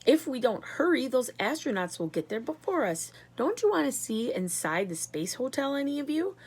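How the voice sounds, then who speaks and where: A woman's voice: high-pitched, sing-song, moderate pace, husky, voice pushed up, full character voice. A woman voicing an anxious young boy in a storybook, urgent and pleading.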